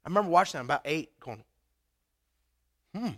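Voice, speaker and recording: A middle-aged man from Idaho preaching a sermon, telling personal stories and building to loud, emphatic bursts. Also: on the high side, very fast. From Idaho, USA. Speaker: pastor.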